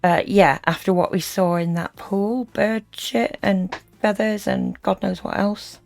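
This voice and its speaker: A woman's voice: medium pitch, fairly even intonation, measured pace, vocal fry, darkish tone, no room sound, faint music behind. A woman giving dry, wry commentary over a played stream. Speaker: reaction video commentator.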